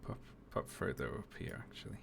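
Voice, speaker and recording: A man's voice: brisk, noisy background. A man streaming live, chatting casually, chuckling and reading on-screen text aloud with dry remarks.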